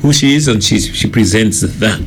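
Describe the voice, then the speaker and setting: A man co-hosting a morning radio talk show, speaking in a measured way and stressing discipline and focus. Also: on the low side, gravelly, a little hiss or hum. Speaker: radio co-host.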